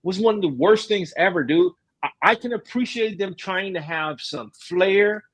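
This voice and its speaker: A man's voice: high voice, normal speed, a bit bright. A middle-aged man hosting a casual stream chat, ranting emphatically with slang. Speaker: streamer host.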